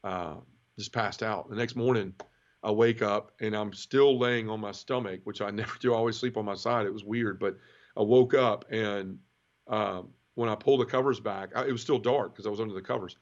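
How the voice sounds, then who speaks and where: A man's voice: fairly low pitch, steady tone, fairly quick, lo-fi sound. A man telling his own conversion story in an interview, earnest and vivid, often restarting and repeating words. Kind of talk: emotional personal storytelling.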